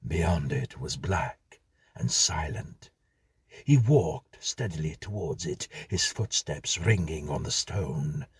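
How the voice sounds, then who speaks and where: A man reading a whimsical story aloud in a measured, dry-humored manner. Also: rumbling low, animated, breathy edge, no room sound. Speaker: narrator. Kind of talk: scripted storytelling.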